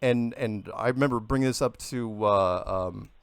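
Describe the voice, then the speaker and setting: A man arguing his case in a heated radio debate, insistent and quick to interrupt, breaking into emphatic outbursts. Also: on the low side, vocal fry, clean tone, no room sound. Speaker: flat earth guest.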